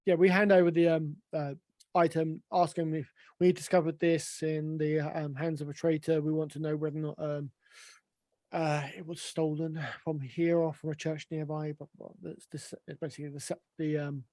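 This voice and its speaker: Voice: mid-range voice, level tone, normal speed, dark tone, no echo. A player in a tabletop game among friends, speaking casually, joking a lot and using many fillers.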